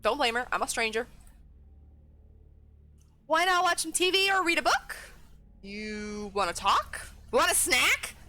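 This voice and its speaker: A woman's voice: high-pitched, big pitch swings, unhurried, pauses often, bright, forceful tone. A woman streaming a horror game, chatting casually and thinking aloud as she plays. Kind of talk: casual let's-play commentary.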